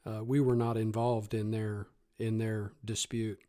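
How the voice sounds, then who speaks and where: Male tabletop player, warm mellow tone, polite in-character speech. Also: fairly low pitch, flat delivery, a little slow. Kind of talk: in-character roleplay talk.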